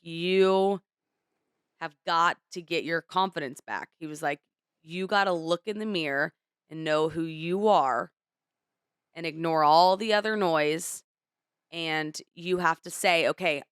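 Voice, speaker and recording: A young adult woman co-hosting a podcast talks in a lowish, slightly bright, smooth voice at a measured pace. In casual chat she opens up candidly, rambling through an emotional retelling. The audio is studio quality with no echo.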